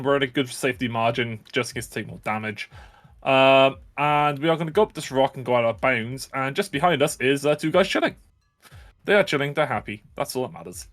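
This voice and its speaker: Dude narrating his speedrun live, joking around, upbeat and chatty. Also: mid-range voice. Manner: jokey, upbeat, self-aware. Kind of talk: casual live commentary over gameplay.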